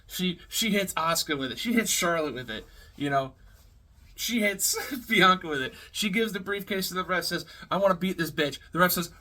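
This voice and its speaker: A man with a fairly high, very bright voice rambles through a casual review. He swears often, backtracks and fills gaps with "like" and "you know.". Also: normal speed. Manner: rambling, profane, frequent fillers and laughs. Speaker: wrestling reviewer.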